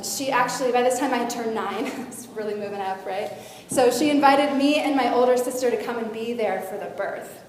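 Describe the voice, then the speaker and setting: A woman animatedly telling a personal faith story to a young audience as a guest speaker. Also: on the high side. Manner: animated storytelling with lively shifts in loudness. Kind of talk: personal testimony to a youth audience. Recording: echoey hall, faint noise.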